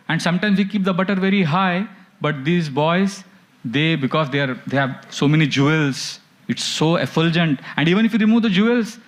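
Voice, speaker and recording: A man teaching a devotional class, telling stories with animation and chanting verses. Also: a little high. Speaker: spiritual teacher.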